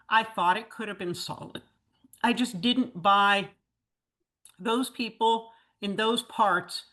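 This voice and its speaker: A woman moderating a casual fan chat, giving a measured, hesitant critique. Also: medium pitch, fairly bright tone.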